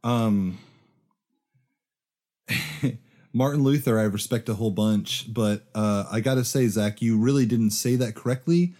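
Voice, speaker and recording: Male co-host with a warm, mellow voice, a teasing joker at mid pitch. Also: unhurried, long pauses. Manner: teasing and joking, laughs often. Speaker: podcast co-host. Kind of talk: casual chat.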